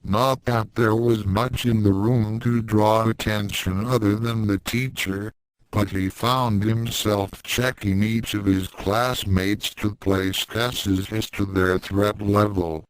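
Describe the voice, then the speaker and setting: A man narrating a fan fiction story in a calm, measured reading. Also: lowish voice, clean tone, dry recording, rough recording.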